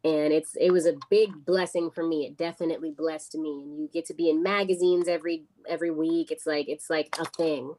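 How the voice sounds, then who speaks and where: A woman's voice: low voice, brisk, few pauses, slight background noise. An American woman, a guest actress, telling stories in a casual interview and acting out the voices of the people in them. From United States. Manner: animated, acts out quoted voices of people in her stories.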